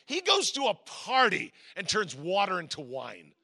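Male pastor, 40s, gravelly and very bright; lively storyteller who acts out voices and breaks into shouts. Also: high-pitched, a little slow. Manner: animated storyteller acting out voices, sudden shouts. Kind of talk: storytelling sermon.

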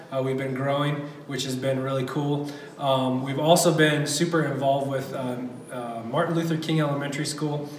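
Casual young-sounding pastor in echoey hall. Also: male voice, mid-range voice, a little hiss or hum. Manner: casual, enthusiastic, many fillers. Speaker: campus pastor. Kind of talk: church report. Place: church hall. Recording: echoey room from a distance.

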